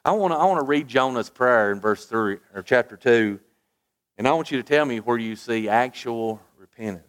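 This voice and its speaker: A man's voice: mid-range voice, animated, moderate pace. A man preaching a sermon, reading scripture aloud with emphasis and putting rhetorical questions to his listeners. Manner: reads scripture aloud with rising emphasis, then drops to quiet asides; asks the congregation rhetorical questions.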